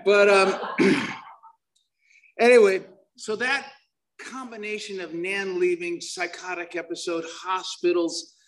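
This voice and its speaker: A middle-aged man shares his recovery story in a rambling, self-deprecating way, often stopping and restarting mid-sentence. His voice sits a little high for a man. It is picked up from some distance away from the mic. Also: fairly even intonation, slow pace. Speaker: main speaker at a recovery meeting. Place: meeting room before a live audience.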